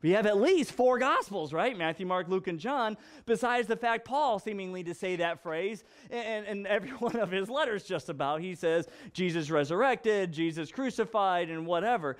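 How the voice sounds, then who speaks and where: Pastor, male, young dad, high voice, animated anecdotal preaching style. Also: normal speed, hardly any pauses. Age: young father. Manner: animated storyteller, repeats himself for effect. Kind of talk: conversational sermon with personal stories.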